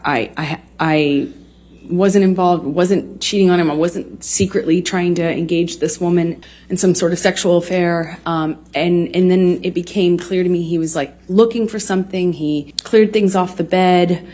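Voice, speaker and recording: A woman in her thirties testifying in court, halting and restarting often with many fillers. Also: fairly low pitch, dark tone.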